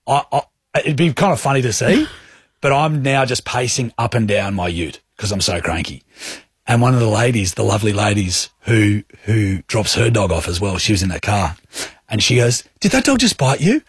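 A man's voice: medium pitch, slightly rough, no room sound, clean studio sound. An Australian man hosting a radio show, telling a story animatedly in casual banter and acting out what he said. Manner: animated storyteller acting out his own quotes. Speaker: radio host. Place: radio studio. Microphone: studio mic.

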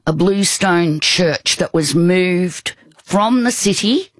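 A woman's voice: lowish voice, animated, takes it slowly, dry recording. A woman in conversation, telling a personal story in a rambling, hesitant way with many restarts. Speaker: guest.

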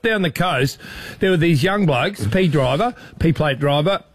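Jokey Australian radio host. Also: male voice, fairly high pitch, a little slow, music in the background. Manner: jokey, animated storyteller. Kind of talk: casual radio banter. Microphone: studio microphone.

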